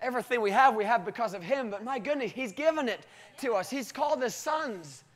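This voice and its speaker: High-voiced man preaching a sermon. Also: brisk. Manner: animated storytelling, often breaking into acted voices.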